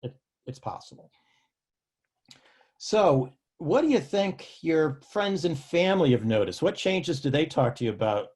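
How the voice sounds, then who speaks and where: A man hosting a casual interview over a video call, talking in a measured way and asking follow-up questions. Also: on the high side, animated, darkish tone, husky. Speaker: host.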